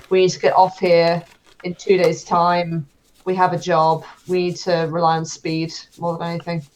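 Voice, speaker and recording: A woman playing a tabletop game, stating her character's actions plainly. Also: on the low side. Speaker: player. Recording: dull lo-fi sound.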